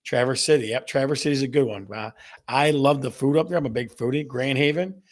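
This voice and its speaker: A man's voice: medium pitch, fast. A middle-aged man hosting a casual real estate show, chatting loosely, repeating himself and tossing questions to his audience. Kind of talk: casual live-stream chat reading viewer comments.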